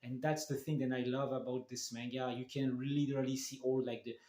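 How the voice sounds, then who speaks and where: A man's voice: mid-range voice, little pitch movement, mellow. Enthusiastic man in an echoey room. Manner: enthusiastic, halting, many restarts and fillers. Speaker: manga reviewer. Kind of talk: casual video review.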